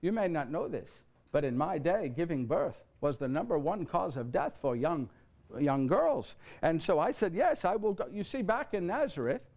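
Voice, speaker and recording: A nervous, earnest young carpenter, played by a man in a live one-man stage show. He talks straight to the audience, stammering and doubling back on his words. His voice sits high and swings widely with feeling. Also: normal speed, muffled recording. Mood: earnest, flustered. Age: young adult. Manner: animated, stammering repeats, speaks straight to the audience. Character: young male carpenter, nineteen, earnest and flustered. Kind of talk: live theatrical monologue. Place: church before a live audience.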